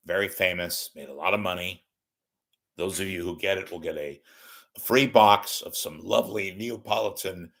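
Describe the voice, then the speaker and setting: A man's voice: deep voice, vocal fry, fairly bright tone. A man hosting a livestream, rambling and joking as he reads out donations. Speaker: livestream host. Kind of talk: casual chat.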